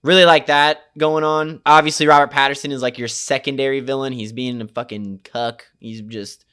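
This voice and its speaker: A man's voice: medium pitch, flat delivery, moderate pace, bright, forceful tone, clear, resonant tone. A young man giving a casual, slang-heavy and profane movie recap, rambling with lots of fillers. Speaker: movie reviewer.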